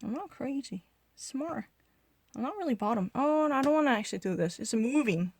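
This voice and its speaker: A woman's voice: on the high side, expressive, fairly quick, no echo. A young woman whose first language is Korean, chatting casually while gaming, boastful and defensive, switching languages mid-thought. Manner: boastful and defensive, insisting loudly. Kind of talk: casual gaming vlog chat.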